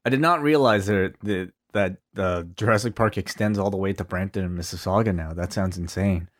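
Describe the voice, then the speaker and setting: A man with a fairly low voice co-hosts a podcast in casual chat. He rambles and hesitates, filling gaps with "uh" and "like.". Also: a little fast. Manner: rambling, hesitant, lots of fillers. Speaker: podcast co-host.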